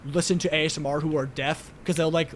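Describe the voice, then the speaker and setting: A man's voice: fairly high pitch, fairly even intonation, fast, slight background noise. Rambling young man with a New York accent. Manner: rambling, profane, heavy use of "like". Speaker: podcast co-host. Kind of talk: casual podcast chat.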